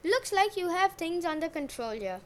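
A woman's voice: extremely high pitch, very animated, normal speed. A woman voicing indignant goddess mother Rhea. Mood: exasperated.

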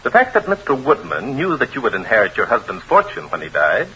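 A man playing a calm, probing gentleman detective in a 1940s radio drama, measured and smooth. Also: medium pitch, slight background noise, poor audio. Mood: cool.

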